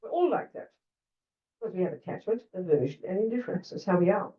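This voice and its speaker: A woman's voice: medium pitch, lively intonation, quick pace. An older Australian woman giving a Buddhist dharma talk in a blunt, conversational way, full of asides to her listeners. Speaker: Buddhist teacher. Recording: lo-fi, distant mic.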